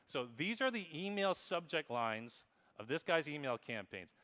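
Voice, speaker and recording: A man giving a lively conference keynote on marketing, playful and quizzing the crowd, reading examples aloud in exaggerated voices. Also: a little high, moderate pace. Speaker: keynote speaker. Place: conference hall with audience. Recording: long hall reverb.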